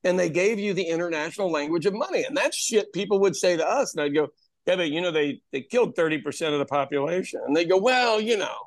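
An Irish pub owner of about 60 hosts a podcast, telling stories in casual, profane chat as an animated storyteller who swears freely. His voice is a little high and he talks fast, in a dry recording.

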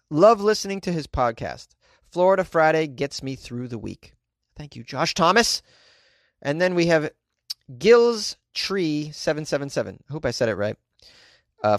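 A young adult man hosting a comedy podcast from a closet, riffing in an animated, self-mocking way. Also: mid-range voice, no room sound, clean studio sound. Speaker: podcast host.

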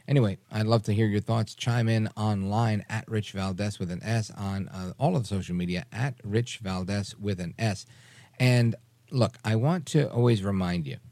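Gravelly-voiced male political talk host. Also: fairly low pitch, dark tone, no echo. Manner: emphatic, repeats phrases for emphasis, mimics people he discusses. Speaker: radio show host. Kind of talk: opinionated political talk commentary.

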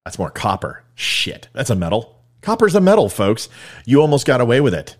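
A man's voice: fairly low pitch, lively intonation, moderate pace. A man hosting a casual monologue for viewers, rambling and joking at his own expense. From California. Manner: rambling, joking, self-mocking. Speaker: host.

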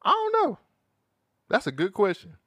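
A man co-hosting a podcast in casual chat, slangy and animated, with frequent profanity. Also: high-pitched, moderate pace, husky, no room sound. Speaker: podcast co-host.

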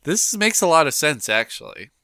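A man's voice: on the high side, big pitch swings, moderate pace, pushed and bright, dry recording, clean studio sound. A man co-hosting a podcast, playful and self-mocking, laughing often as he chats. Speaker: podcast co-host. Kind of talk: casual podcast banter.

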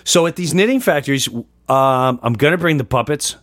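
Excitable man chatting in a dry studio. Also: medium pitch, moderate pace, dry recording. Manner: excitable, animated storytelling. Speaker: podcast host and comedian. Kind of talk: casual chat.

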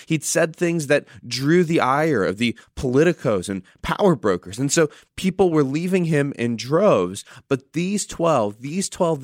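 A man's voice: mid-range voice, dry recording, clean studio sound. A male pastor giving an earnest sermon, telling a story and reading scripture with dramatic emphasis.

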